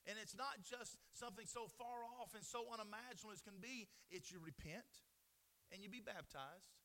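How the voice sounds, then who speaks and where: A man preaching a sermon, building to loud emphatic questions and then dropping to a softer telling voice. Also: high-pitched, normal speed.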